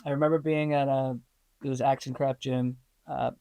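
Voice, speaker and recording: Animated man telling a story with fillers. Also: medium pitch, normal speed, creaky, smooth, no room sound. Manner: animated, laughing, acts out quoted voices; many fillers like um and like. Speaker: interview guest, stunt performer and actor. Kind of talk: casual storytelling.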